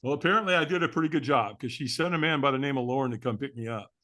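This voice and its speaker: A man's voice: medium pitch, rapid-fire, sharp tone. A man telling a personal story as an interview guest, in a candid, earnest way, often adding "man".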